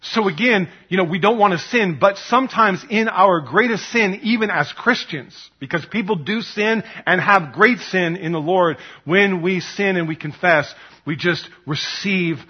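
Pastor guy preaching, kinda high husky voice, repeats stuff, goes quiet on the big words, muffled recording. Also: measured pace, few pauses. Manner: earnest preaching, repeats phrases, drops soft on key words. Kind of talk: sermon.

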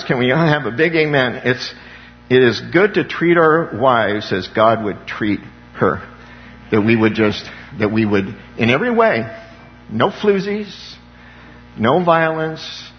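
A man's voice: medium pitch, highs cut off, a little hiss or hum. A man preaching an impassioned sermon as a pastor, calling on the congregation for amens.

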